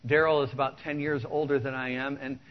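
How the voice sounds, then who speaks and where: A man's voice: medium pitch, little pitch movement, a little fast. A man preaching a sermon to a congregation in a church, earnest and conversational, often restarting his words. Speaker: pastor. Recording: dull lo-fi recording.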